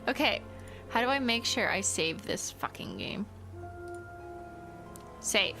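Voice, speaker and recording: A woman's voice: mid-range voice, sing-song, slow pace, creaky, long pauses, music in the background. A woman streaming a game and chatting casually as she reacts to it.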